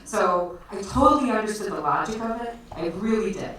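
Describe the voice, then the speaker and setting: A woman from the Chicago area tells a personal story at a storytelling night held in a bar venue, chatting, laughing often, and leaning on fillers. Her medium-pitched voice is expressive, brisk and a bit bright. The echoey live room is picked up by a distant mic, with faint noise.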